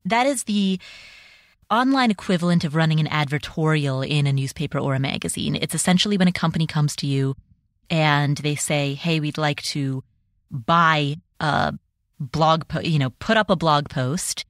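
A woman hosting her own podcast, talking on her own in a nervous, quick, self-deprecating way with small jokes. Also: deep voice, no echo, studio quality. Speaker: podcast host. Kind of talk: personal solo podcast talk.

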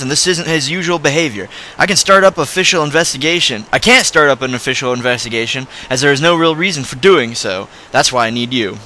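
Brief: a man voicing a grave city guard officer for a game, plain read, bright timbre. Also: fairly high pitch, a little hiss or hum. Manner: plain, even reading of game dialogue.

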